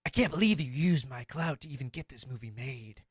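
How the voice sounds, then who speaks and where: A man plays a pompous martial-arts action star who makes slow, low threats. The sound is dry and close. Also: lively intonation, slightly rough, dry recording. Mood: menacing.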